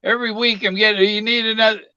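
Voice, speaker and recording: A man's voice: high voice, level tone, fast talker, bright, forceful tone, clear, resonant tone, dry recording. A man on a call chatting casually, wry and chuckling. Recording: dull, dry lo-fi call audio.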